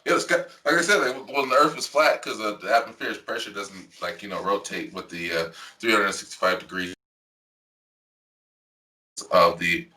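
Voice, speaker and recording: A man's voice: fairly low pitch, a little fast, hardly any pauses, bright, forceful tone, far from the mic. A man hosting a podcast in casual chat, rambling with plenty of fillers and frequent laughter. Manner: rambling, laughs often, lots of "like". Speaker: podcast host. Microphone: remote call with delay.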